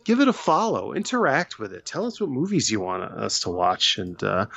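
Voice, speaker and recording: A man co-hosting a casual movie podcast, with a mid-range voice. His manner is relaxed and he gives advice. The sound comes through a slightly dull home mic. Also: mid-range voice, moderate pace, vocal fry. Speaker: podcast co-host.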